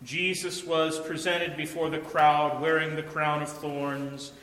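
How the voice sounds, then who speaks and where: A man narrating a scripture passage in a measured, solemn liturgical reading. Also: on the high side, little pitch movement, a bit bright. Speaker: scripture reader. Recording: reverberant church.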